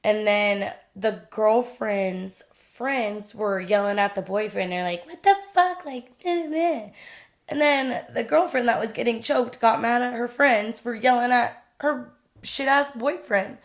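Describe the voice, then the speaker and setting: A young woman co-hosting a podcast, telling a story in casual chat, acting out quotes loudly and swearing freely. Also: on the high side, unhurried. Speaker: podcast co-host.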